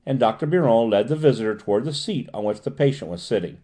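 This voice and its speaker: A man narrating a classic novel as an audiobook reader, steady and expressive. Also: fairly low pitch, fast, hardly any pauses. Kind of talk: scripted narration.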